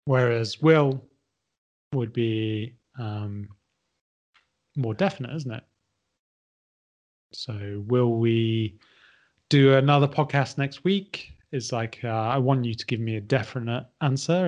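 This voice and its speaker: Male podcast co-host, mid-pitched, casual and inquisitive, hedges often. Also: takes it slowly, long pauses, a little mellow. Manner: asks questions, hedges with "kind of". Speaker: podcast co-host and English teacher.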